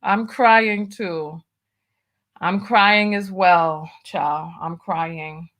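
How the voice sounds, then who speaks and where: A woman's voice: fairly low pitch, steady tone, very slow, a bit bright. A woman hosting a live stream in a casual chat, reading comments aloud in a drawling, exclamatory way. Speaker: host.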